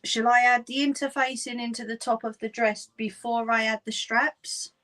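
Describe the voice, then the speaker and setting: A woman's voice: on the high side, steady tone, normal speed, a bit bright, low-quality recording. A woman with a Cockney accent who hosts a casual live sewing chat, talking to her viewers as she works and often laughing. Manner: chatty, laughs often, talks to viewers while working. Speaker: sewing livestream host.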